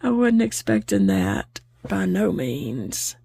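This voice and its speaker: A woman's voice: on the low side, sing-song, slow, vocal fry, warm tone, husky, dry recording. A woman chatting openly while she crochets, laughing easily as she talks. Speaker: crochet vlogger. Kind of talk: casual chat while crocheting.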